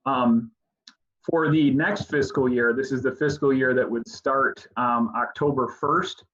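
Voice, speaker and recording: A man briefs a virtual town hall on policy, talking quickly and stumbling through fillers and repeated words. His voice sits in a middle register. The video-call audio sounds dull and lo-fi. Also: mid-range voice, steady tone, fairly bright tone. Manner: fast, with many fillers and restarts. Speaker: state legislative policy advisor.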